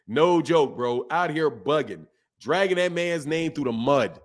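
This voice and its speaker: Guy hosting a boxing livestream, kinda high voice, blunt and repetitive, talking straight to chat. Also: slow pace. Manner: blunt, animated, repeats himself for emphasis. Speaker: boxing channel host. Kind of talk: casual livestream commentary.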